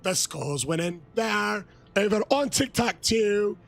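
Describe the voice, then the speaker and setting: A man streaming a game, reading out super chats and shouting hype toasts with countdowns to his chat. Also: sits high, animated, slow pace, vocal fry, heavy background noise.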